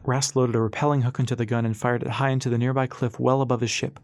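Male audiobook narrator, mid pitch, steady and expressive, close dry sound. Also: fast talker, dry recording.

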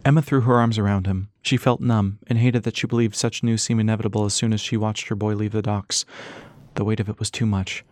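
A man narrating an audiobook in a steady, even manner. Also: on the low side, a little fast, no room sound, clean studio sound. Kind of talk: scripted narration.

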